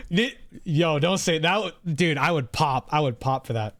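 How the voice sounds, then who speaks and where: A man's voice: fairly high pitch, animated, moderate pace, hardly any pauses, fairly bright tone, no echo. Rambling male streamer, dry close sound. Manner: rambling, swears freely, reads out chat. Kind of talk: casual live-stream reaction chat.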